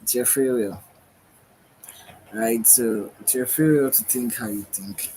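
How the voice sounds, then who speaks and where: On a low-quality recording with a little hiss or hum, a tired, yawning man hosts a livestream in a mellow, medium-pitched voice at a measured pace. His spiritual monologue rambles and meanders as he searches for words, often tossing in "right?"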